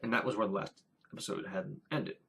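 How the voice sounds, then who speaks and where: A man's voice: on the low side, fairly even intonation, a little fast, creaky, pushed and bright, slight background noise. A man who is a first-time dungeon master, recapping his latest tabletop session in a casual vlog, rambling with many fillers and restarts.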